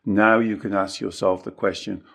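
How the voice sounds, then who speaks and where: A life coach with a level tone, a bit of vocal fry and a slightly bright voice explains ideas at a moderate pace in a podcast conversation. Emphatic in his teaching, he repeats key phrases to drive them home and acts out clients' excuses in a higher voice.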